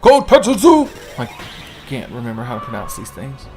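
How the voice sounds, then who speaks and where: A man's voice: mid-range voice, fairly quick, soft background music. A young man giving profane, jokey commentary while playing a strategy game, slipping into silly voices. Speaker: gaming channel host. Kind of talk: let's play commentary.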